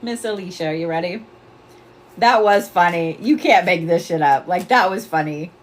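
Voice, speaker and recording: A woman's voice: fairly low pitch, normal speed, slight background noise. Blunt, cussing woman livestream medium. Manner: blunt and profane, laughs often; emphatic, repeats commands to the viewer. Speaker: psychic medium hosting a livestream. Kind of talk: casual livestream chat.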